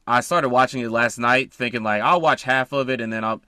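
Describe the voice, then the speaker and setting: A young man hosting a casual podcast chat, telling his reactions in an animated way. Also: mid-range voice, a little fast, smooth, no echo, clean studio sound. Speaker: podcast host.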